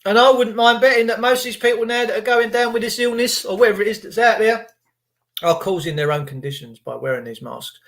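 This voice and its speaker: Rambling vlogger, high for a man, cheeky asides, swings between quiet mutters and loud emphasis. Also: fast talker. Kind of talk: rambling monologue to camera.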